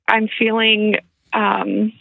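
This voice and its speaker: Brief: woman caller, hesitant, gravelly voice, tinny phone line. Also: mid-range voice, flat delivery, very slow, no echo. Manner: hesitant, many fillers and restarts. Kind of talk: phone-in conversation.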